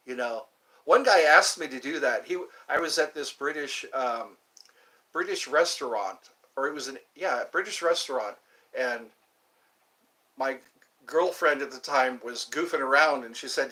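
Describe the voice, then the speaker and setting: Hosting a meandering live-stream chat, an American man in his fifties piles on asides and restarts. He speaks unhurriedly at a medium pitch with lively intonation and a bright, forceful tone, over a rough recording.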